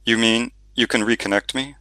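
A man's voice: medium pitch, fairly even intonation, normal speed, pushed and bright, dry recording, natural voice. A man reading the lines of a bubbly, joking young woman in an audiobook. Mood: playful. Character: lively young woman, playful and hungry.

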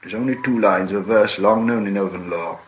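A man voicing an ancient wizard in an audiobook reading, with a hushed, measured delivery. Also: on the low side, highs cut off, a little hiss or hum, close to an everyday voice. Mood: solemn chanting. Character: ancient grave male wizard, solemn and commanding.

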